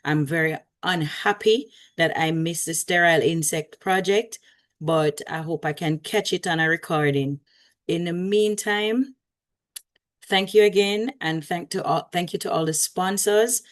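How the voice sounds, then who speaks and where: A Jamaican woman moderating an online conference, wrapping up with chatty thanks and frequent laughter over a video call. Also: lowish voice. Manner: chatty, warm, laughs often. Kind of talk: casual closing remarks.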